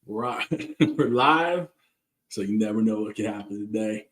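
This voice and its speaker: A man's voice: lowish voice, expressive, a little slow, fairly bright tone, roomy sound. A man with a Southern California accent hosting a casual live cooking stream, chatting loosely and greeting viewers by name. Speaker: cooking channel host. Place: backyard, outdoors.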